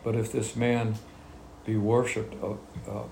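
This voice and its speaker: In this Bible study, the leader is a man who reads passages aloud before explaining them plainly and conversationally. His lowish voice sounds creaky and darkish, delivered flatly and without hurry. Faint ambience fills an echoey room, along with slight background noise.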